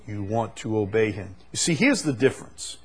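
Emphatic preacher, soft to shouting. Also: male voice, lowish voice, animated, moderate pace, slightly rough. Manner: swings from quiet explaining to shouted emphatic climaxes. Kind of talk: sermon.

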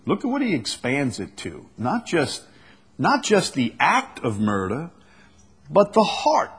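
A man preaching an expository sermon, reading scripture slowly and deliberately, then booming for emphasis and dropping low. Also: huge pitch swings, fairly bright tone, slightly rough. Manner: reads verses slowly and deliberately. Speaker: pastor.

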